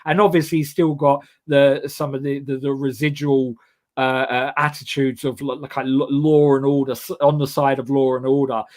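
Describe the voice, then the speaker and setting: A young man from England hosting a casual comedy chat show, rambling and self-mocking with many halting restarts. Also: mid-range voice, flat delivery. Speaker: host.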